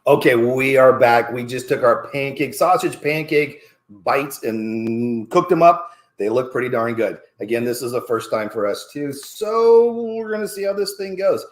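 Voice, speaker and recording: A man hosts a relaxed cooking segment with a chatty, upbeat manner. He thinks aloud and fills pauses as he goes. His voice carries a roomy echo. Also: mid-range voice, soft background music. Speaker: fitness coach hosting a cooking segment. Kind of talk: casual cooking show chat.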